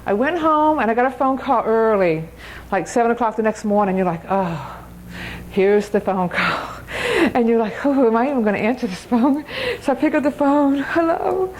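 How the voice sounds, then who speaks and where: An older woman giving an emphatic testimony sermon at a church, laughing often and slowing down on key phrases. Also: a little high, animated, a little mellow, a little hiss or hum, poor audio. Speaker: speaker at a church.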